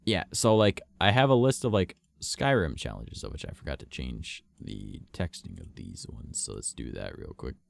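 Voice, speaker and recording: A man's voice: very deep voice, big pitch swings, normal speed, vocal fry, few pauses. A man streaming live, chatting casually with viewers in a rambling way, swearing and laughing often.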